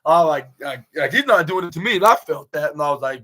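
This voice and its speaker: A man's voice: fairly high pitch, lively intonation, fairly quick, few pauses, fairly bright tone, low-quality recording. A young man hosting a podcast, recapping a wrestling match in a rambling, casual way, full of fillers and restarts. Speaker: podcast host reviewing wrestling. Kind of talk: casual recap, play-by-play retelling.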